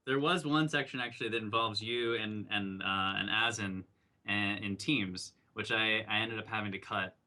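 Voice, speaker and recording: A young man guest speaking with a low-pitched but very bright voice. He talks earnestly and reflectively, piling on fillers as he tells his story. The tone is relaxed and conversational. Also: moderate pace. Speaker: documentary filmmaker guest. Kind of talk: casual interview.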